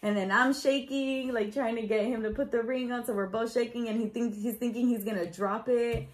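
A woman's voice: a little high, a little fast, rough recording. A young woman telling her proposal story in a casual vlog, chatty and full of "like" fillers. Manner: chatty, lots of "like" fillers, animated retelling.

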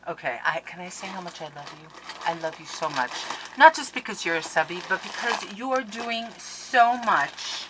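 A woman hosting a crafting channel, chatting casually to viewers in a gushing, excitable way as she opens mail at home. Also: on the low side, normal speed. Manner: excitable and gushing, with gasps and laughs. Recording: noisy background with clicks.

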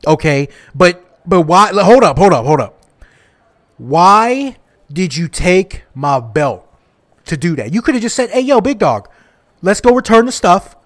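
A man playing a wrestling video game and commenting over it, loud, slangy and full of trash talk. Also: high voice, big pitch swings, a little slow. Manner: loud trash-talking, hyped, slangy banter. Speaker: gaming YouTuber.

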